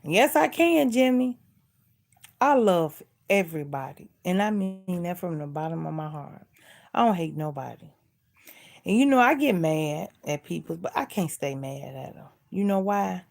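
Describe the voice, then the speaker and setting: A woman's voice: lowish voice, animated, a little slow, gravelly, darkish tone. A middle-aged woman vlogger in casual chat, earnestly preaching life advice and repeating herself.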